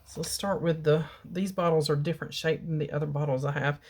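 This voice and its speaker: A middle-aged woman with a slightly low voice talks through her nail supply haul in a relaxed, chatty way. She sits at home with the camera mic picking her up, pausing to peer at colors. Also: husky. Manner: chatty, baby-talks her cat in a high cooing voice. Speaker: beauty vlogger. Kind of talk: casual product haul chat. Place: home bedroom.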